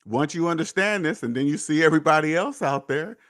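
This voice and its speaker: A man hosting a personal finance podcast in an emphatic, preachy monologue, repeating points and swearing, swinging between loud jabs and low muttered asides. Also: expressive, brisk. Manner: emphatic, preachy, repetitive, with profanity. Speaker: podcast host.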